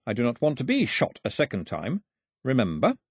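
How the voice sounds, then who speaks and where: A stubborn island boy who speaks bluntly and angrily challenges the gods, as a man reading a storybook puts him on. The voice is husky and lively in pitch. It is recorded dry and close. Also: brisk, dry recording, full character voice. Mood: defiant. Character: island boy, lone survivor, stubborn and defiant.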